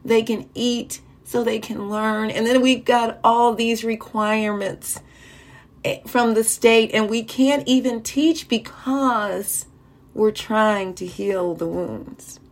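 A woman's voice: a little high, fairly even intonation, slow. A woman giving an earnest testimony at church, retelling people's stories with heartfelt urgency. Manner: earnest storytelling, acting out quoted people. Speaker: church speaker. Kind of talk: testimony sermon.

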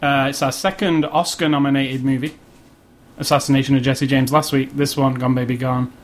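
A man's voice: medium pitch, flat delivery, brisk. A man hosting a casual movie podcast, dry and sarcastic, often restarting his sentences. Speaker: podcast host. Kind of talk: casual chat.

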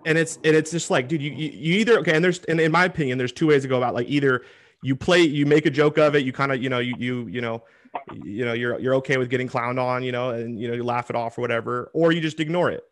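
A man hosting a casual interview, giving his views in a halting way with lots of repeated words. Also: medium pitch, fairly even intonation, slight background noise.

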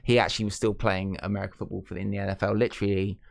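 A man's voice: on the low side, rapid-fire, vocal fry, dry recording, clean studio sound. A man co-hosting a wrestling podcast, chatting casually and joking often. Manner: jokey, excitable, laughs often. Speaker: podcast co-host. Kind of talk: casual chat.

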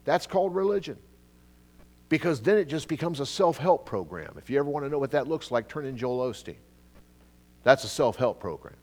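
A middle-aged male pastor preaching a Bible teaching, swinging between loud, emphatic bursts and quiet asides. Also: medium pitch, expressive, a little fast. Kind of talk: expository sermon.

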